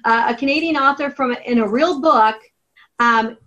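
A woman writing teacher giving a classroom grammar lesson, dictating each step slowly and deliberately. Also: high-pitched, pushed and bright, lo-fi sound. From United States. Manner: slow, deliberate dictation of steps.

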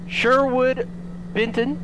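Brash high-voiced male streamer. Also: flat delivery, noisy background. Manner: brash and profane, quick reactions. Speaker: gaming streamer. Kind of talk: casual game commentary.

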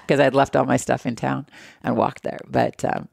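A woman's voice: a bass voice, moderate pace, gravelly, no echo, clean studio sound. A middle-aged woman from the United States, telling a travel story as an interview guest and acting out the quoted lines. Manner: lively anecdotal storyteller who acts out quoted dialogue.

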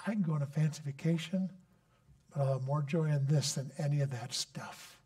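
A man's voice: fairly high pitch, fairly quick, warm tone. A man preaching a sermon as a guest speaker, earnest and storytelling, who builds into a fervent closing prayer.

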